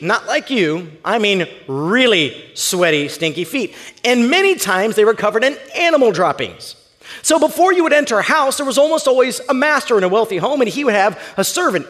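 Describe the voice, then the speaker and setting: Animated male preacher in a reverberant hall. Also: extremely high pitch. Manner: animated, emphatic storytelling. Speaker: pastor. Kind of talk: sermon.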